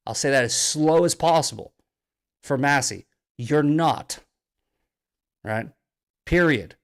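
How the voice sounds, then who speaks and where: A man hosting a political monologue on a live stream, mocking his critics, swearing and shouting at points. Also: on the high side, takes it slowly, pauses often. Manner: angry, profane, shouting bursts. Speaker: host.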